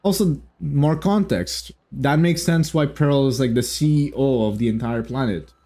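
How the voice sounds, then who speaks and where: A man's voice: mid-range voice, normal speed, warm tone. A man giving casual commentary on a story game as a streamer, rambling with lots of restarts and joking asides.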